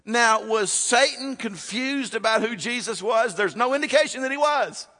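A male preacher delivers a sermon, rising to loud peaks and dropping to a hush. His voice is bright and forceful. It carries with the long reverb of a large church hall. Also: extremely high pitch, normal speed. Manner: dynamic, swings from loud to hushed, rhetorical questions.

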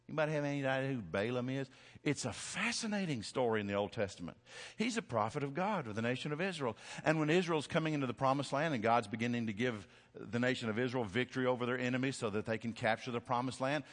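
A man preaching a sermon, storytelling with swings from hushed to loud, shouting peaks. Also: medium pitch, in a large hall.

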